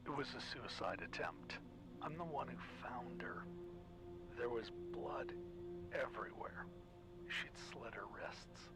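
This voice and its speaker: A man voicing a grim older man in a game who recounts finding a victim in a low, hushed voice. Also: expressive, a little slow, pauses often, in a whisper, music in the background. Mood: grave.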